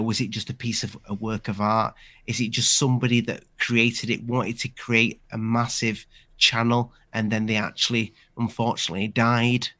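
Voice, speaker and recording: A man's voice: fairly low pitch, a bit bright, dry recording. A man hosting a casual live discussion, chatting in a rambling way with many restarts. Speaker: channel host.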